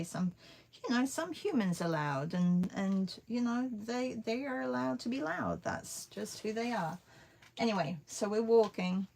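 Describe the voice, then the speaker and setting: A woman's voice: mid-range voice, vocal fry, darkish tone. A woman who teaches art and vlogs tells a rambling, chatty story full of fillers while she paints.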